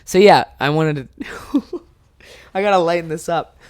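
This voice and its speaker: Young guy doing a solo comedy podcast, animated storytelling, cusses a lot, dry close mic. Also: fairly high pitch, measured pace, no echo. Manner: animated, swearing, laughing at own stories.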